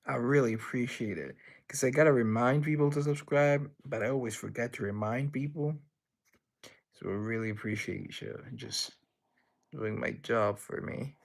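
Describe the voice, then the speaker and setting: Speaking at a moderate pace in a mid-range voice with vocal fry, a young adult livestream host reads out chat messages. His replies are playful and meandering.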